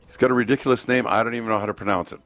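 A man's voice: fairly low pitch, fairly even intonation, racing, fairly bright tone, dry recording, faint music behind. A man hosting a radio morning show, chatting casually and reading out birthdays and dates on a studio mic. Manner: chatty, reads out dates and birthdays, jokes around. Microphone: studio microphone.

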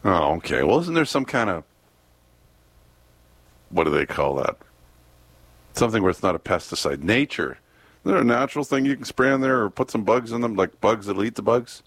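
A man's voice: on the low side, animated, moderate pace, pauses often, fairly bright tone, dry recording. A man co-hosting a casual morning radio show, chatty and full of curious, naive questions. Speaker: radio co-host.

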